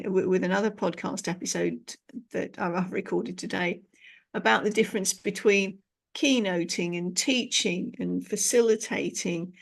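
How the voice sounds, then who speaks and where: Give me a British woman podcast host with a creaky voice, encouraging and expressive. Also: mid-range voice. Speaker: podcast host and speaking coach. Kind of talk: conversational interview.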